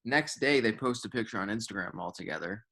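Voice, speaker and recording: A man's voice: on the low side, expressive, brisk, sharp tone. A young man co-hosting a podcast in casual chat, rambling with lots of filler words and swearing. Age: young adult. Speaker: podcast co-host.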